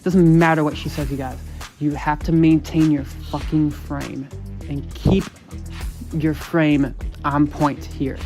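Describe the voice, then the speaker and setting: A man's voice: on the high side, level tone, slow pace, darkish tone, faint music behind. A man hosting a podcast, coaching male listeners in an emphatic, repetitive way, swearing and saying "you guys" over and over. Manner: emphatic, repeats lines, swears, says "you guys" often. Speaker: podcast host, dating coach.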